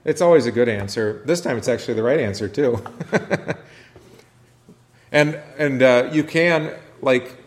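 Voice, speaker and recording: A man's voice: medium pitch, unhurried. Man leading a casual Bible class. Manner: conversational, asks questions, many restarts. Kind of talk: casual Bible study teaching.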